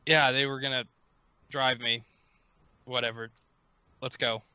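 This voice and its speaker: A man's voice: mid-range voice, little pitch movement, unhurried, bright, forceful tone, clear, resonant tone, dry recording, highs cut off. A man playing a tabletop game, speaking bluntly and swearing as his character. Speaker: player. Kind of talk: tabletop role-play, in character.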